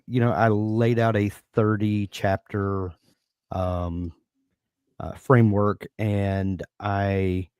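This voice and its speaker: A man co-hosting a casual live-stream chat, speaking in a measured, hesitant way. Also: low-pitched, a little mellow, dry recording, studio quality. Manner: hesitant, measured, restarts often. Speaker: co-host.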